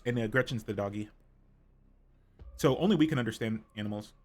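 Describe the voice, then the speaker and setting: A man's voice: on the low side, a little fast, faint music behind. A man streaming a visual novel, chatting casually and rambling with fillers as he explains the story. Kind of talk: casual game commentary.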